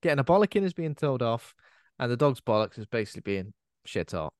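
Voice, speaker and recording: A man's voice: medium pitch, big pitch swings, fast talker, no echo, clean studio sound. A man with a British accent, co-hosting a horror film podcast in casual, jokey chat. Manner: chatty, playful, jokey voices. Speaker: podcast co-host.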